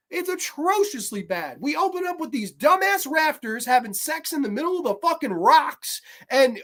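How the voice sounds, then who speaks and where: A man's voice: extremely high pitch, sing-song, normal speed, few pauses, pushed and bright. A man in his twenties hosting a horror movie review, talking casually with a profane, sarcastic, ranting manner. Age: 20s.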